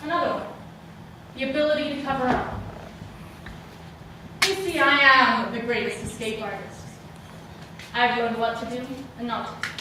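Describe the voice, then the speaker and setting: A young woman performing a solo stage monologue, dramatic, moving between hushed and shouted lines, recorded live from a distant mic on a theater stage. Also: a little high, fairly even intonation, moderate pace, long pauses, noisy background. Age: young adult. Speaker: student performer. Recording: echoey hall sound from a distant mic.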